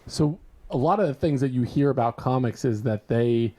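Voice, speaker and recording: A man's voice: medium pitch, moderate pace, mellow. A man with a mid-range voice hosts a casual podcast conversation. He builds up his questions with teasing, mock-serious flourishes before getting to the point. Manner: mock-grand, joking build-ups. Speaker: host.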